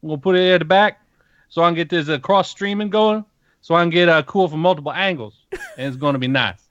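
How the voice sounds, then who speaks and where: A man's voice: on the high side, fast talker, fairly bright tone, no room sound, dull audio. A man with a Southern US accent co-hosting a podcast, rambling and jokey with many fillers. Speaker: podcast co-host. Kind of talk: casual podcast chat.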